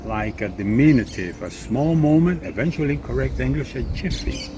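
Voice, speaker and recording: A man's voice: mid-range voice, lively intonation, moderate pace, noisy background. A man from Costa Rica with a Costa Rican accent and Spanish as his first language, a restaurant owner explaining local sayings to visitors in a playful, teasing, theatrical way. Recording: loud background music. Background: music.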